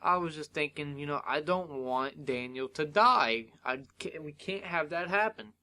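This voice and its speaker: A young man hosts his own review podcast, his voice sitting a bit higher than most men's. He tells the story in an excitable, animated rush, sprinkling in fillers and restarts. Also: normal speed. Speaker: podcast host. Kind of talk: solo wrestling review podcast.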